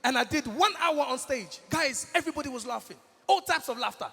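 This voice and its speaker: High-voiced, gravelly stand-up comedian. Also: male voice, brisk, faint music behind. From Congo. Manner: animated, addresses the crowd directly. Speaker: comedian host. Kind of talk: stand-up storytelling at a live event. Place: large event hall, on stage. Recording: long hall reverb.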